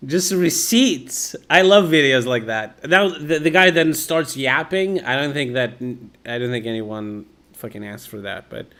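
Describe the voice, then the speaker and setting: Slow-talking man with a lively pitch. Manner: profane, laughs often, chatty. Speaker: reaction video host. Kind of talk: casual reaction commentary.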